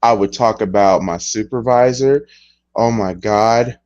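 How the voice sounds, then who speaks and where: A man hosting a casual chat, laughing a lot and jumping into high impressions. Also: a little slow, a little mellow, highs cut off. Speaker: podcast host.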